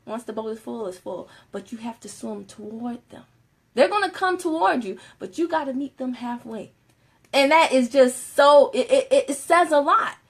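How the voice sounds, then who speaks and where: This is a woman hosting a casual live stream. Her voice sits high and bounces with animation. She chats with viewers, laughs easily and keeps an informal, talkative flow. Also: expressive, moderate pace. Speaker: Facebook Live host.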